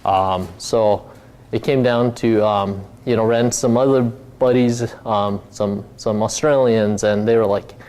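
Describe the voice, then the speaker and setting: A man's voice: on the low side, fairly even intonation, measured pace, darkish tone. A middle-aged man from Hawaii, a company founder telling his story in a casual talk, rambling with many fillers and restarts.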